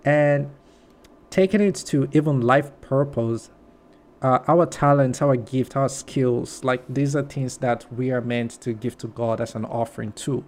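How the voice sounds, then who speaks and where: With a darkish tone and a medium-pitched voice, a man hosts a faith-centered podcast interview at a measured pace. His conversational talk is reflective, peppered with "like" as he thinks out loud.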